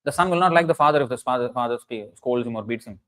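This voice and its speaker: A man's voice: mid-range voice, fast, fairly bright tone, low-quality recording. A man giving an earnest, emphatic sermon, often restarting phrases and chanting Sanskrit verses. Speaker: preacher. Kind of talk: sermon lecture.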